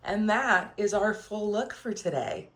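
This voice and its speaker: A woman's voice: mid-range voice, expressive, a little slow. A woman in her thirties talking casually to the camera as a vlogger, upbeat and chatty, calling her viewers friends. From Colorado. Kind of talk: casual vlog chat.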